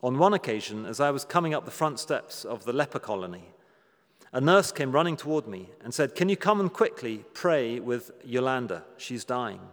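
A man preaching a sermon and telling a story in an earnest way, going slow and hushed at the tender parts. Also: mid-range voice, big-room sound.

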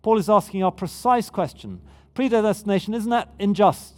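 A man's voice: sits high, animated, moderate pace. A man preaching a sermon in a conversational yet emphatic way. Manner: conversational, emphatic, with frequent restarts.

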